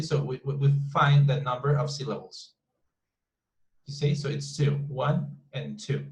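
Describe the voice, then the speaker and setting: A man's voice: mid-range voice, darkish tone, roomy sound, low-quality recording. A male teacher, explaining syllables in an online class, often repeating words and restarting his sentences. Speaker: English teacher.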